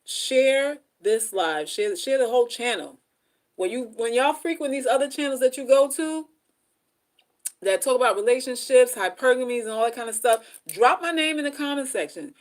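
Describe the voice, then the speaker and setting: A woman hosting a casual live stream on relationship advice, repeating herself and talking straight to her viewers, dropping to soft asides and then rising to loud, high outbursts. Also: expressive, moderate pace. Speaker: livestream host, relationship advice.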